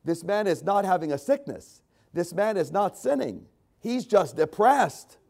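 Older guy pastor preaching, kinda high voice, reads scripture big and dramatic, swoops up and down a lot. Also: expressive, unhurried, gravelly. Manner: reads scripture aloud with dramatic swings in pitch and loudness. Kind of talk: sermon.

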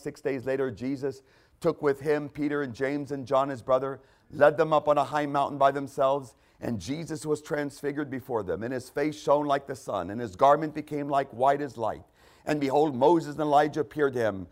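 Emphatic male preacher, fairly high voice. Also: fairly quick. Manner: emphatic, quoting scripture with rising intensity. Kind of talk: sermon.

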